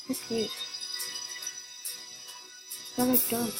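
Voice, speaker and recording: A woman giving casual gameplay commentary as a channel host, excitable and repeating the same phrases over and over. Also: a little high, unhurried, pauses often, poor audio. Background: game music.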